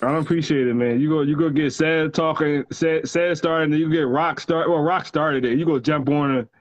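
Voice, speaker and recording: A man's voice: fairly high pitch, fairly even intonation, brisk. A man calling in to a show, teasing in laid-back banter full of "yo". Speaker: caller.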